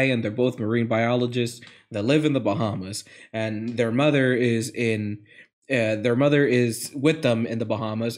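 A man co-hosting a podcast, recapping a movie plot in a jokey, animated way. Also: medium pitch. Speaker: podcast co-host. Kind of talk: casual movie review chat.

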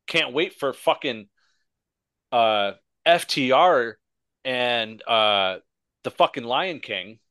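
A man's voice: mid-range voice, animated, slow, bright, forceful tone, clear, resonant tone, no room sound. A man co-hosting a casual wrestling podcast, ranting sarcastically and swearing constantly. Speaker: podcast co-host.

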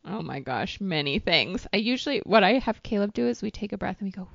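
Very gravelly, chatty woman, lo-fi. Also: medium pitch, big pitch swings, fairly quick, no room sound. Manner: chatty, laughs often, agreeing. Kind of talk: casual podcast chat. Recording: dull, lo-fi dry sound.

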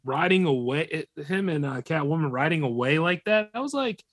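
A man co-hosting a comedy podcast, easygoing and quick to agree. His voice sits a little high and moves around a lot. The sound is dry. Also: lively intonation, no echo. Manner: brief agreeing replies, easygoing. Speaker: podcast co-host. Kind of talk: casual comedic chat.

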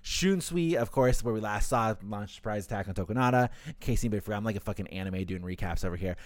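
A man co-hosting a casual podcast, recapping a story with animated, swearing asides and quick character voices. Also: fairly low pitch, no room sound. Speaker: podcast co-host.

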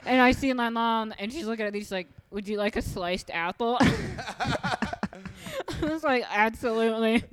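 A woman's voice: on the high side, moderate pace. A woman in casual chat, telling stories from her childhood with frequent laughter. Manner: storytelling, laughs often. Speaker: podcast co-host.

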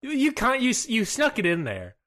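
A man's voice: very high-pitched, huge pitch swings, brisk, a bit bright. A man co-hosting a casual podcast, reacting with laughs and repeating himself. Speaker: podcast co-host. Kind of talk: casual chat.

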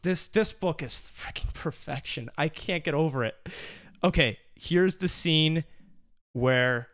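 A man co-hosting a book review podcast, excitable and prone to loud shouting bursts. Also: a little high, a little slow. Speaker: podcast co-host. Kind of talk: casual book review chat. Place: podcast studio.

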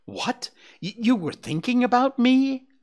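A man voicing a vain, touchy old male owl who grumbles and fishes for flattery, in a storybook reading. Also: mid-range voice, unhurried, full character voice. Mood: vain grumbling. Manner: fussy, grumbling, fishing for flattery.

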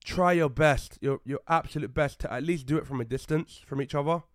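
A man's voice: a little high, a little fast, dry recording, clean studio sound. A young man on a casual podcast, retelling a story with heat and lots of swearing. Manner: animated, swears a lot, heated retelling. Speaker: podcast co-host.

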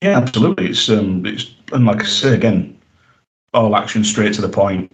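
Man, low voice, casual podcast host, lots of ums and laughs. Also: moderate pace, low-quality recording. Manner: chatty, laughs often, many fillers and restarts.

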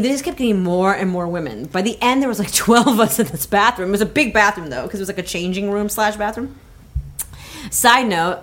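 A young adult woman telling a story in casual conversation, animated and laughing as she talks. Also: mid-range voice. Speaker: comedy podcast guest.

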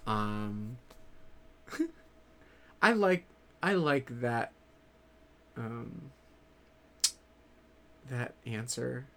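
A man chatting casually to his viewers in a rambling way, swearing freely and halting often on fillers. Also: mid-range voice, very animated, creaky, fairly bright tone. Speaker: vlogger.

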